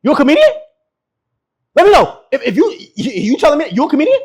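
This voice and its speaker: High-pitched gravelly guy ranting on his channel, cocky and mocking, keeps laughing. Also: wildly swooping pitch, fast. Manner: brash, mocking, repeats insults; laughs often while talking. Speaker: YouTube relationship commentator. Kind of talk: ranting reaction commentary.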